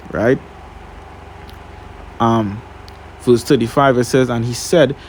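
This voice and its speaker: A Bible teacher with a mid-range, slightly mellow voice reads scripture aloud, then retells it in plain, casual Caribbean-style English, often checking in with "right?". There's a little hiss or hum on the recording.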